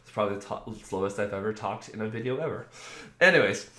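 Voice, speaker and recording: A man's voice: fairly low pitch, expressive, fast talker, bright, forceful tone. Rambling man in an echoey room. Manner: rambling, acts out quoted voices, many "like"s. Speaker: spiritual video host. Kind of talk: casual spiritual talk to camera. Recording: roomy echo.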